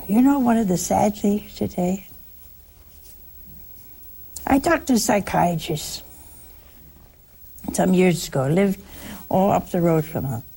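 A woman's voice: mid-range voice, creaky, warm tone, breathy edge. A woman giving a spiritual talk to a broadcast audience, telling folksy stories and asking rhetorical questions. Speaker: religious speaker.

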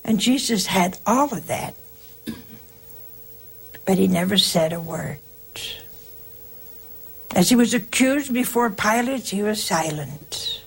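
A woman hosting a religious call-in show, giving an earnest, reflective spiritual talk in slow, emphatic parallel phrases. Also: medium pitch, expressive, husky.

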